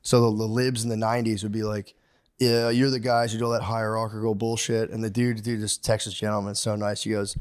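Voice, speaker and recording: A man's voice: fairly low pitch, flat delivery, fairly quick. A man co-hosting a podcast in casual chat, loose and profane, often dropping into goofy quoted voices. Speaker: podcast co-host.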